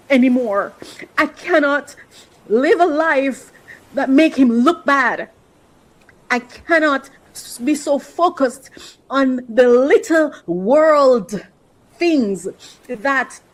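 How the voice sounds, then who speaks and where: A woman with a fairly high voice talks slowly on a podcast, earnest and reflective as she shares her faith. She leans on slow, emphatic stretches and is audibly moved to emotion. Her tone stays sincere throughout. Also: poor audio. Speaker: podcast host. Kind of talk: heartfelt personal monologue.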